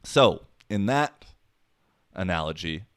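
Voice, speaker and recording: A man's voice: deep voice, expressive, takes it slowly, fairly bright tone, smooth, no echo, clean studio sound. A man hosting his own podcast, talking alone in a rambling, profane, wisecracking way. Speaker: podcast host. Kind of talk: casual solo podcast monologue.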